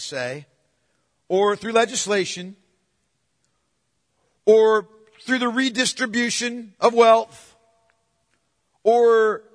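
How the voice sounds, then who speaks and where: A male pastor preaching a sermon, emphatic and swinging from hushed, drawn-out phrases to loud declarations. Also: high-pitched, long reverb tail.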